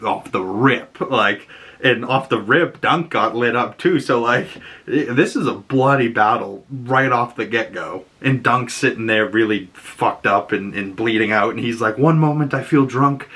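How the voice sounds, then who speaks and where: A man with a Boston accent, hosting a podcast and recapping a TV episode in a loose, animated way, acting out the characters' lines and swearing casually. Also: fairly low pitch, a little slow. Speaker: podcast host.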